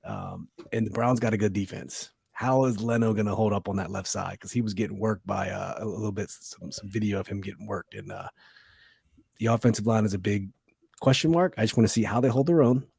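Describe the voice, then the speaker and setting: A man hosts a football podcast in a relaxed, conversational way. His voice sits a little low and sounds dry and close, and he backs up his co-host before turning to the chat. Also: a little fast, vocal fry, slightly rough, dry recording. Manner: affirming, reads out chat names. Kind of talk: casual sports talk.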